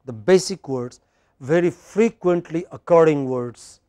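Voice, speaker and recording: A man teaching English word stress in a classroom, patiently modelling words slowly and prompting his learner. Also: a little high, mellow, no room sound. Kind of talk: classroom drill lesson.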